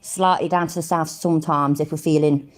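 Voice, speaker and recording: A woman's voice: deep voice, steady tone, brisk. A woman from Middle England, chatting casually on a live stream, easily amused and laughing often. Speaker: streamer reacting to videos and chat.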